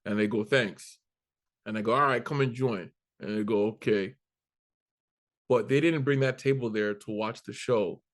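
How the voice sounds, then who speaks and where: A man from Canada, a comedian guest in an interview, telling a story with animated energy and acting out the voices of the people in it. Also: on the low side, moderate pace. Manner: animated, acts out quoted voices, swears casually.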